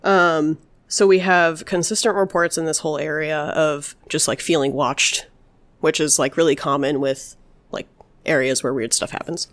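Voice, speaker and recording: Low-voiced woman rambling through spooky stories. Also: steady tone, normal speed. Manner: rambling, lots of "like" and "obviously". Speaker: podcast host telling paranormal stories. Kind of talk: casual storytelling chat.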